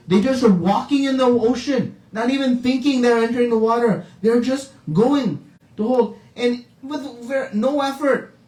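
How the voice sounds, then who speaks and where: High-voiced man telling a devotional story. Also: mellow. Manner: acts out characters with high, crying cries. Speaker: storytelling preacher. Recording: echoey room, distant mic.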